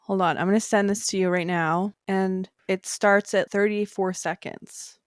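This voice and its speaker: A woman's voice: medium pitch, steady tone, moderate pace, no echo, studio quality. A woman co-hosting a podcast in casual chat, laid-back and easily amused. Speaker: podcast co-host.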